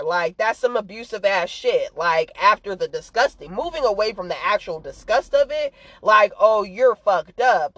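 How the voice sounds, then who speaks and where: A woman vlogger rants on camera in a fired-up, profanity-heavy way, hammering her points with repeated insults. Her voice sits a little high, and the recording is dry and close with no room sound. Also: no echo, low-quality recording. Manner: profane, emphatic, worked up; sharp, repetitive put-downs. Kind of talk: casual ranting commentary.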